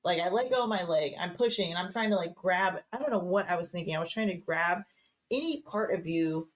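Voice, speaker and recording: A woman's voice: lowish voice, expressive, a little fast, slight background noise. A woman guest on a podcast, telling a personal story in a chatty way with lots of fillers and restarts. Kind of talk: casual podcast conversation.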